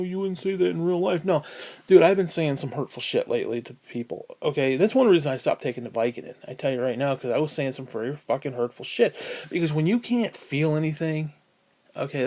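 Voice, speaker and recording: Profane, high-pitched ranting man. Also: expressive, quick pace. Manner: angry, profane, swings between loud outbursts and low mutters. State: in pain. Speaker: vlogger.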